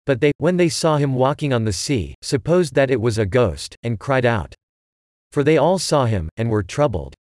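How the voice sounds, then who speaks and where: A man giving a steady, measured scripture reading. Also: mid-range voice, dry recording, clean studio sound.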